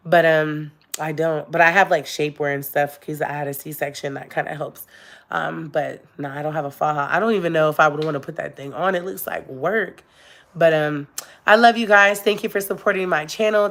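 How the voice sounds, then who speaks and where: A woman's voice: sits low, a bit bright. A young woman chatting casually on a live stream with her viewers, emotional and laughing often as she talks to them directly. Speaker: YouTube vlogger.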